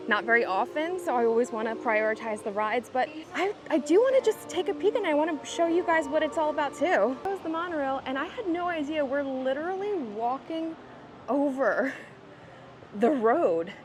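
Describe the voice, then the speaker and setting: A woman vlogging casually as she walks through a theme park and zoo, chatty and excitable, often gasping and exclaiming. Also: high-pitched, rough recording. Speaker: travel vlogger. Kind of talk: casual vlog walk-through. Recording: outdoor ambient noise.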